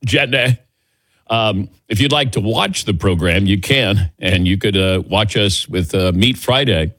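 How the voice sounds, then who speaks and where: A man hosting a sports talk radio show, chatting casually and telling animated stories with quick laughs. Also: on the low side, no room sound. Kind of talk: casual morning radio banter. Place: radio studio.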